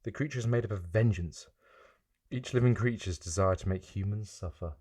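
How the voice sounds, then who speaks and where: A man's voice: fairly low pitch, brisk, darkish tone, no echo. A man co-hosting a podcast, reading out silly story ideas in a dry, matter-of-fact way during casual comedy chat. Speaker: podcast co-host.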